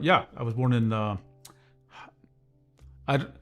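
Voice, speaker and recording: A man hosting a casual livestream, reading viewer comments and talking in a calm, measured way. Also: medium pitch, soft background music. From United States. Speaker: livestream host.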